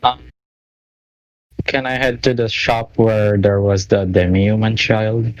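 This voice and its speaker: Male player, unhurried, brief and hesitant, dry sound. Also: fairly low pitch, steady tone, no room sound, highs cut off. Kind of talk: tabletop role-play chat.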